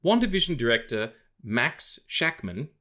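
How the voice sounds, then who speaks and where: A man's voice: medium pitch, very animated, unhurried, sharp tone. A man co-hosting a podcast, chatting casually about film news with lots of fillers, restarts and tangents. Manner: rambling, full of fillers and tangents. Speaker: podcast co-host.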